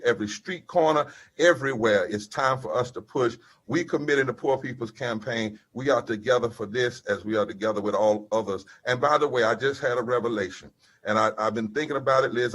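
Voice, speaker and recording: A man's voice: medium pitch, fairly bright tone. An older man speaking as a pastor at a rally, preaching with repeated phrases that swell in force, on a video call. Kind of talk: fiery sermon-style rally speech.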